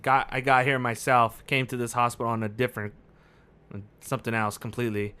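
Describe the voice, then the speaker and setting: A man's voice: mid-range voice, steady tone, fairly quick, sharp tone, clear, resonant tone. A man playing a tabletop game, talking in short, clipped sentences and swearing casually. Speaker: player. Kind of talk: casual tabletop play in character.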